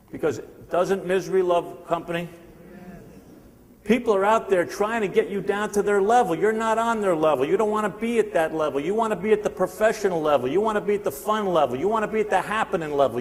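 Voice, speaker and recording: Talking a little fast with lively intonation, this high-voiced sales trainer in his sixties works a live audience in a large hall. He's a motivational speaker whose seminar talk is punchy, repetitive and teasing, heard through long hall reverb.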